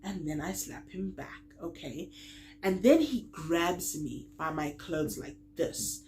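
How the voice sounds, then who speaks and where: A woman's voice: fairly low pitch, expressive, slow, a little mellow, slight background noise. A young woman vlogger telling a personal story, acting out the quoted lines and laughing as she goes. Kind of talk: storytime vlog.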